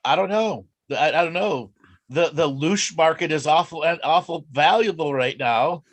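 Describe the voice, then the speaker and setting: A man's voice: on the high side, normal speed. A man co-hosting a comedy show, blunt and sarcastic, with casual profanity. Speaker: comedy podcast co-host. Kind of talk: casual comedic roasting banter.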